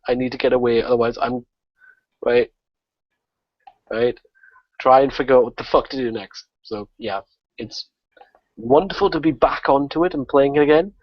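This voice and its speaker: Man, gaming podcast guest, profane, excitable, laughing, dry dull lo-fi sound. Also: medium pitch, moderate pace, long pauses, no room sound. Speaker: guest gamer. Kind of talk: casual podcast chat.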